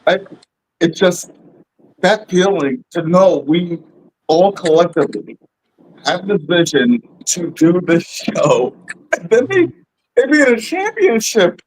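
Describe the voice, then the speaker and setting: A man's voice: high voice, very animated, slow pace, long pauses, poor audio. A man hosting a podcast, telling a story with laughs and stammered restarts, openly emotional. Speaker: podcast host and wrestling commentator. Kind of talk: casual chat.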